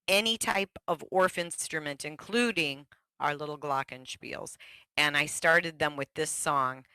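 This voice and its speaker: Bright-voiced woman teaching music. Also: studio quality. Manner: animated, breaks into high sung echoes. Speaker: music teacher leading a teacher workshop. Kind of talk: online music workshop with echo songs.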